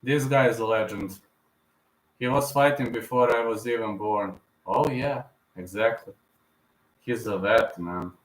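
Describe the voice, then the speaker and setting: A man's voice: fairly low pitch, unhurried, echoey room, low-quality recording. A man in his thirties hosting a live fight reaction stream, talking in an emotional, repetitive fan manner. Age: 30s.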